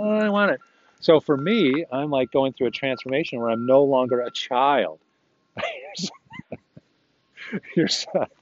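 A man talks in a loose, rambling way, like a host thinking aloud on a walk with his dog. His voice sits at an ordinary middle pitch, and he often breaks into chuckles. The recording sounds slightly muffled and lo-fi. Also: slight background noise. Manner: chatty and self-talking, chuckles often. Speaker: podcast host. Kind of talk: rambling casual monologue. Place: outdoors, walking a dog.

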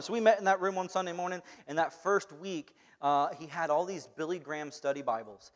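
A young man giving a conversational sermon in a church hall, moving between quiet asides and loud, emphatic bursts. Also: sits high, brisk, few pauses. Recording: long hall reverb.

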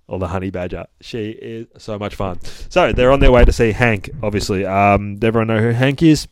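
Fields: Voice: low-pitched man, excited and profane. Role: comic reviewer. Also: a little fast, few pauses, clear, resonant tone, no echo. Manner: profane, rambling, bursts of excited laughter. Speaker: comic book reviewer, podcast host. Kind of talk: excited casual comic retelling.

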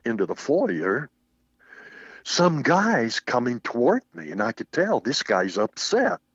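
A man's voice: medium pitch, slightly rough, dry recording. An older man, a Baptist minister, telling a personal story in casual conversation and acting out the quotes. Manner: animated anecdote with acted-out quotes. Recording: muffled, dull audio.

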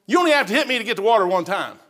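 High, bright-voiced preacher man. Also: sing-song, racing. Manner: swings between loud and soft delivery. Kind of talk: sermon.

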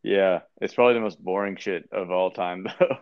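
A man's voice: low-pitched, normal speed, smooth, dull audio. A man in casual chat as a podcast co-host, telling rambling stories with swearing. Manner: laid-back, rambling storytelling with swearing.

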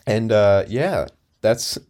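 A man's voice: fairly low pitch, expressive, slow pace, a little mellow. A man in his twenties telling a long story in a casual chat, rambling with lots of fillers and restarts. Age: 20s. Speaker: podcast co-host.

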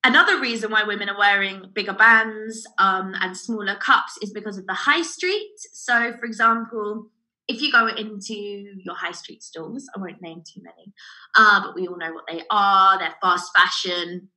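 A woman who works as a bra fitter, telling animated stories in a casual podcast chat. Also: mid-range voice, moderate pace, low-quality recording. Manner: animated storyteller who acts out customers' voices.

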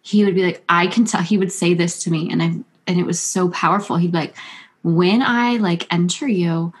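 A woman's voice: on the low side, fairly even intonation, quick pace. A woman hosting a podcast, effusive and gushing, often laughing and saying "like". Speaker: podcast host. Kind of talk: intimate podcast conversation.

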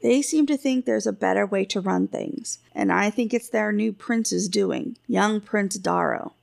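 Brief: gruff old storybook king, grumbling and commanding, gravelly edge, read by a woman. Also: mid-range voice, a little slow. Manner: grumbling, then commanding orders. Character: gruff jovial old king, blunt and impatient.

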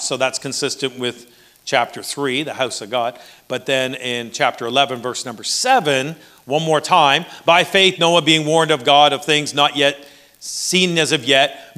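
Bright high-voiced Canadian pastor preaching. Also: male voice. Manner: conversational preaching with dry jokes. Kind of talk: sermon.

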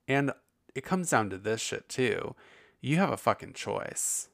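A man's voice: mid-range voice, very animated, unhurried, vocal fry, fairly bright tone. A man hosting a podcast in casual, rambling chat, candid and full of swearing. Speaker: podcast host.

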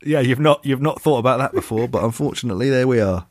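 In a darkish, mid-range voice, a fast-talking man hosts a podcast with no room sound. He reads a listener's email and keeps giggling his way through it.

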